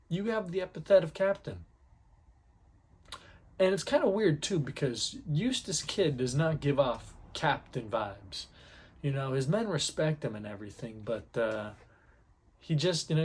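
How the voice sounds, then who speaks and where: A young man with a slightly husky, somewhat high voice gives casual fan commentary. He rambles excitedly and drops slang as he goes. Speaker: anime commentary YouTuber.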